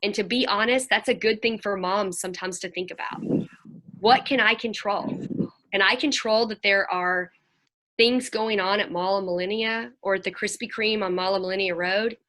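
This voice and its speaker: Woman, Christian counselor, earnest and chatty, bright clear tone. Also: mid-range voice, normal speed. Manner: earnest, chatty, animated when quoting children. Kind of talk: talk to a parents' group.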